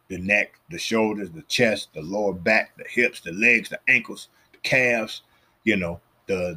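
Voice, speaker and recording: Low, husky man telling stories. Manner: animated, acts out the people he quotes. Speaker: podcast host giving fitness advice. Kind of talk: casual storytelling monologue.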